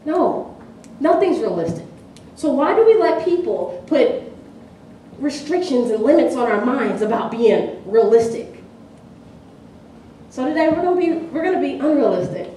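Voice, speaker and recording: A woman with a bright, high, lively voice gives a motivational talk and throws question after question at her listeners. The sound is distant and washed in the echo of a big gym. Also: moderate pace, long pauses, slight background noise. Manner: fired-up, asks the room rhetorical questions. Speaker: motivational seminar speaker. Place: large indoor gym. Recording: echoey gym, from far off.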